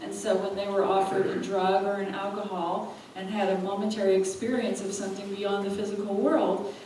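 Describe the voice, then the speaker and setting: Woman, animated storyteller at a live talk; distant mic, echoey hall. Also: medium pitch, a little fast. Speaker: spiritual teacher and speaker. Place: event hall. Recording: echoey hall, from far off, faint room noise.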